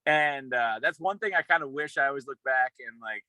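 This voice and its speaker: Young man, bright forceful voice, rambling excited storytelling, dry close sound. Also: medium pitch, moderate pace, no echo, poor audio. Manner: rambling, excited, with many restarts and fillers. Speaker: former college football player, radio personality. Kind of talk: casual storytelling interview.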